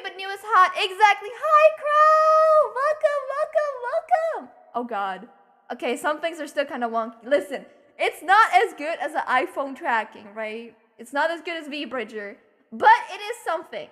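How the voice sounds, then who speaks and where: A woman with a very high, bright voice chats with her live-stream viewers. She is bubbly and swears casually. Her pitch leaps around a lot as she talks. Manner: bubbly, swears casually, greets chat with repeated welcomes. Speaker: VTuber streamer.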